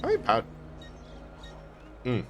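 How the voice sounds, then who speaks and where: Faint music plays behind a man who speaks unhurriedly while gaming on a live stream. He chats and jokes casually with his viewers and laughs often.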